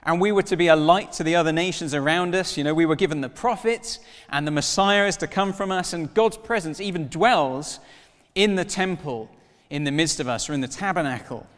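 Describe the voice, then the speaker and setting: A man in his thirties preaching a sermon, telling stories with lively acted-out dialogue. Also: a little high, fairly quick, long reverb tail. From Wales. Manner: animated storytelling, acts out dialogue in voices.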